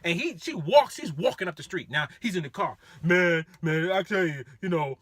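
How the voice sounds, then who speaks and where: Male rideshare driver, lively storyteller, high bright voice, dry sound. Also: normal speed, no echo. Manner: animated, laughing, acts out voices. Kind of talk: casual storytelling.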